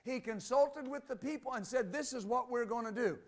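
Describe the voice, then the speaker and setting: A man's voice: extremely high pitch, fairly quick. A male pastor preaching a sermon, reading scripture aloud and explaining it, pressing his points with repeated "amen" and "believe that.".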